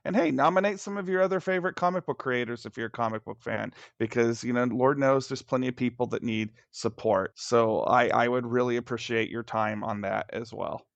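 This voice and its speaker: A man's voice: medium pitch, creaky, clear, resonant tone, no echo, muffled recording. A man who writes comics, chatting casually and enthusiastically on a podcast, with some restarts.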